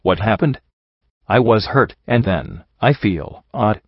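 A man's voice: on the low side, expressive, slow pace, husky, no echo, full character voice. A man reading a storybook voices a shaken grey mare musician who stammers and pleads. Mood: pleading. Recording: dull lo-fi recording.

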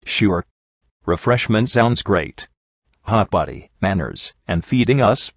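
Guy reading as a flirty wisecracking mare, low voice, dry lo-fi sound. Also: animated, slow pace, no echo, full character voice.

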